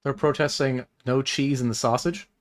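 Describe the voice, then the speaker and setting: A man talks half to himself as he plays online poker on a stream, tallying what is left and tossing off dry asides. His voice sits at a middling pitch, and his tone stays casual and mumbling. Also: fairly even intonation, moderate pace. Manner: muttering, wry, thinks aloud. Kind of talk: casual live-stream commentary.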